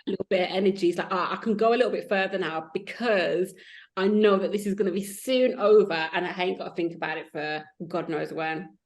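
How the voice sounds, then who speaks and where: A woman co-hosting a podcast in casual chat. She tells stories in an emphatic, animated way. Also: fairly low pitch, fairly quick. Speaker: podcast co-host.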